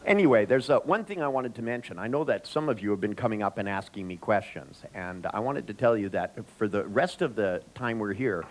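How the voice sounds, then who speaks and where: Speaking briskly with hardly any pauses, a man with a fairly low voice delivers a live seminar talk over poor audio. He addresses the audience directly as an animated storyteller, full of jokes and anecdotes.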